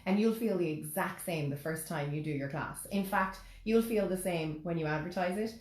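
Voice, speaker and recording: A woman's voice: on the low side, normal speed, darkish tone. A woman hosting a conversation, responding in a supportive, affirming coaching manner. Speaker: host. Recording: roomy echo.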